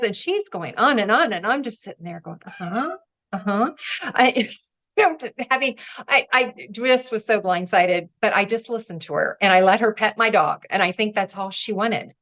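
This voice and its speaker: A woman guest on a podcast telling personal stories with feeling, acting out what people said and laughing between lines. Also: a little high. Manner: warm, animated storyteller, acts out quoted voices, laughs between lines. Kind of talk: storytelling in an interview.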